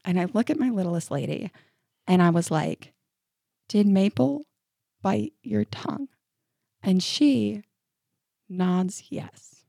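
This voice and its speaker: A mother co-hosting a podcast, telling a story with plenty of laughter. Her voice sits in a middle pitch. It is recorded close and dry, with no room sound. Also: takes it slowly, gravelly, long pauses, breathy edge, dry recording. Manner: animated storyteller, laughing often. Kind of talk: casual chat and read ad.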